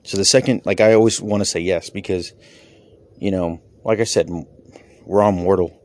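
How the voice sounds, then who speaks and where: Steady in tone and moderate in pace, this man's low, darkish voice is captured with no room sound. A comedian and podcaster with kids, he reflects casually on his life in a rambling, candid way, with casual swearing.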